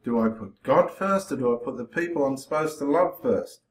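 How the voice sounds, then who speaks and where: A man's voice: medium pitch, expressive, normal speed. A man preaching with passion to the camera, confronting and challenging his listeners directly. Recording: roomy echo.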